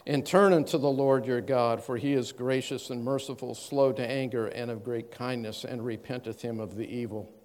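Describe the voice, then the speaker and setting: A man preaches a sermon, reading old scripture with a measured, stressing cadence before explaining it plainly. His voice sits in an ordinary middle pitch for a man. The recording carries a long reverb, as if from a large hall. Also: fairly even intonation, darkish tone.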